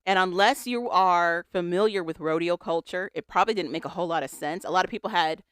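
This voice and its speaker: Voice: medium pitch, quick pace, a bit bright, clear, resonant tone, dry recording. Dry-voiced podcast co-host reading aloud. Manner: chatty, reads statements aloud with wry asides. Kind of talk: casual pop-culture chat.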